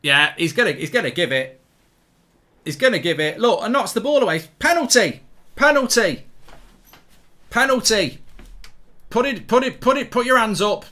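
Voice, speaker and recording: Man, match watchalong host, high-pitched, bright and forceful, repetitive ranting. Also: animated, brisk. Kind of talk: live match watchalong commentary.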